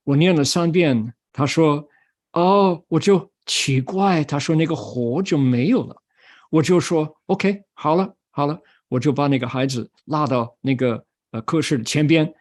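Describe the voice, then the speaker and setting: A man's voice: on the high side, normal speed, few pauses. An older man giving a Buddhist Dharma talk, telling a story and acting out the people in it. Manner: switches between Mandarin and English, acts out quoted voices.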